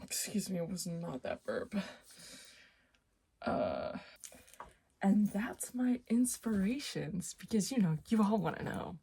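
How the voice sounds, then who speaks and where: A young woman chatting casually in her vlog, playful and rambling, with sudden loud exclamations. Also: mid-range voice, big pitch swings, slow, gravelly, long pauses, breathy edge. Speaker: vlogger.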